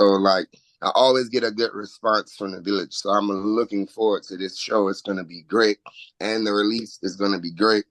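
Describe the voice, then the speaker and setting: Laughing often and promoting his work, a recording artist from Washington, D.C. discusses his music casually and cheerfully as an interview guest, speaking with a local accent. He has a lowish, slightly bright voice. No echo is present, though the recording is rough.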